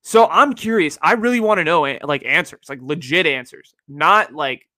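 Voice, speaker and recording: A man's voice: fairly high pitch, moderate pace, pushed and bright, no room sound, studio quality. A young man from the Bay Area hosting a podcast in a loose, rambling monologue, repeating himself and filling gaps with "like" and "you know.". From San Francisco Bay Area. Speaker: podcast host. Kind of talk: casual one-sided podcast monologue.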